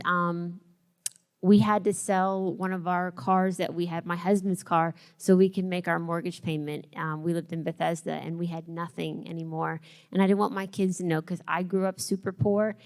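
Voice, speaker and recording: A woman's voice: lowish voice, flat delivery, moderate pace, darkish tone. A woman speaking as a panelist on stage, candid and blunt, with self-mocking humor.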